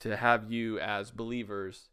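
A man's voice: fairly low pitch, flat delivery, a little slow, pushed and bright, smooth. A man reviewing a sermon in casual commentary, talking in a conversational way with many rhetorical questions.

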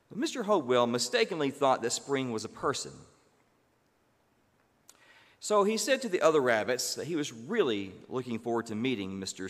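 A male preacher tells a story in a slow, gentle manner with thoughtful pauses. His voice sits at a middling pitch. A long hall reverb trails behind his words. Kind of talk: sermon storytelling.

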